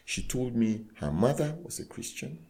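A man, a clergyman guest, telling a story in conversation with earnest, animated retelling that acts out dialogue. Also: mid-range voice, normal speed, vocal fry. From Nigeria.

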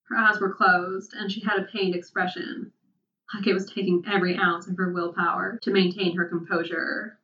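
A woman reading a story aloud as narrator, in a slow, measured delivery. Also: mid-range voice, flat delivery, bright, forceful tone, slight background noise. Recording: distant, dull lo-fi mic.

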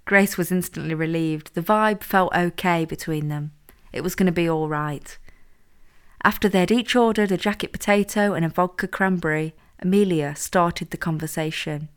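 A woman narrates an erotic story in an even, calm reading voice. Her pitch sits somewhat low for a woman. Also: moderate pace, smooth. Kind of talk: read-aloud erotic story.

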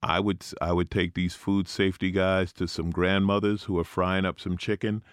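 A man's voice: low-pitched, moderate pace, clear, resonant tone, no echo, clean studio sound. A man co-hosting a talk show, riffing with teasing, comic opinions and exaggerated storytelling. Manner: animated, teasing, comic storyteller who riffs and mocks. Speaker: radio show co-host.

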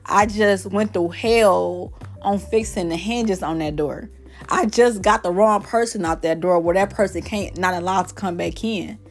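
A woman's voice: mid-range voice, unhurried, soft background music. A young woman talking candidly and at length in a personal podcast monologue, rambling with many fillers.

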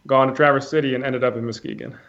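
A man's voice: medium pitch, steady tone, fast, vocal fry, a bit bright. A man, a guest in casual chat, teasing and joking. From lives in Chicago. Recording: lo-fi mic with clicking noise.

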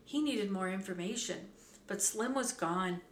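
Slow-reading woman storyteller in an echoey room. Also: mid-range voice. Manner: measured, clear, expressive. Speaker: narrator. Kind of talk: storybook read-aloud. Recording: roomy echo, faint background hum.

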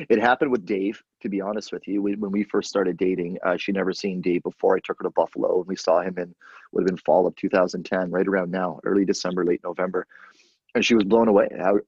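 A man hosting a podcast in casual chat, telling stories with excitable energy. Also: sits low, fast talker, vocal fry, slightly rough, no room sound. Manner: animated storyteller, excitable. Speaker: podcast host. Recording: dull, lo-fi dry sound.

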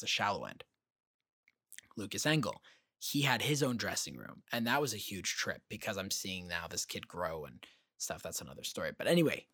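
A young man co-hosting a casual chat, telling animated stories with swearing and acted-out quotes. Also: deep voice, dry recording, studio quality. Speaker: podcast co-host.

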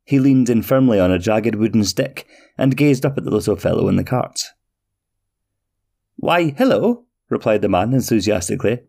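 A man hosting a podcast and narrating a fairy tale in a slow, measured storytelling manner. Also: fairly low pitch, gravelly, mellow.

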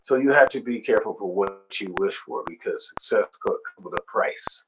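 An older man, a guest singer, telling animated stories in a casual interview. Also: fairly low pitch, normal speed. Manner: animated storyteller, acts out quoted voices. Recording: noisy background hiss.

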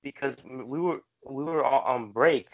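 A man chats with friends, calmly filling in details and setting the story straight. His voice sits fairly low, and the recording is muffled and lo-fi. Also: unhurried. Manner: relaxed, adds details and corrections. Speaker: friend chiming in. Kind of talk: casual storytelling among friends. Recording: dull lo-fi recording.

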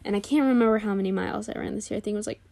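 A woman's voice: medium pitch, steady tone, rapid-fire, vocal fry, dark tone. A young woman hosting a podcast, talking candidly in a casual monologue and dropping plenty of "like" fillers. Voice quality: chatty, full of "like" fillers. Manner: candid, confessional storytelling. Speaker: podcast host.

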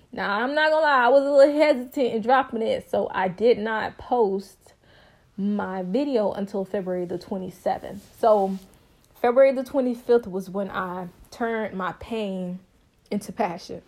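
Bubbly talkative young woman podcaster. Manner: bubbly, talkative, expressive with sudden high pitch jumps. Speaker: podcast host. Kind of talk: casual storytelling monologue.

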